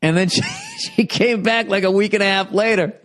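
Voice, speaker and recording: A man's voice: high voice, normal speed. Profane, rambling man telling stories. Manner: profane, rambling, animated storytelling. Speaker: podcast host. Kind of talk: casual storytelling monologue.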